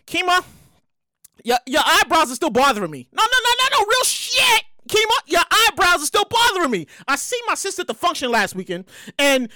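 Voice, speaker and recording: A woman hosts her own podcast in a loose solo monologue, her voice riding very high with lively, swooping pitch. She sounds bright and punchy, hyped and profane, rambling and repeating herself. The sound is close and dry. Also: brisk, no echo. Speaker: podcast host.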